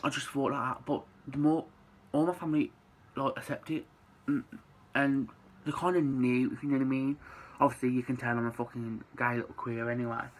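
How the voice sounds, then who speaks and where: A man's voice: medium pitch, steady tone, a little fast, a little hiss or hum, rough recording. A young man, telling a personal story to camera in a chatty way, with lots of "like" and casual swearing. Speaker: vlogger.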